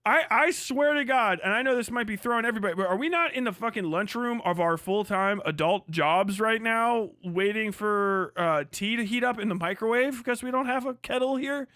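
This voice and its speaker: A man's voice: high voice, brisk, few pauses, bright, forceful tone, no echo, studio quality. A man streaming live, reacting to a clip with sarcastic, profane, rambling commentary.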